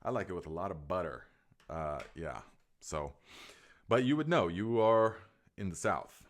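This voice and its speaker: A man's voice: low voice, animated, measured pace. A middle-aged man hosting a live gardening Q&A, rambling and enthusiastic, full of fillers and restarts. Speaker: gardening podcast host. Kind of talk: casual live Q&A chat.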